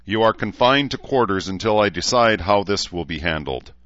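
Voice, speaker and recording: A man voicing a gruff veteran gunnery sergeant who gives clipped, cold orders. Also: lowish voice, lively intonation, normal speed, fairly bright tone, dry recording, dull audio, pitched above the performer's own voice. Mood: stern. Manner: clipped commands.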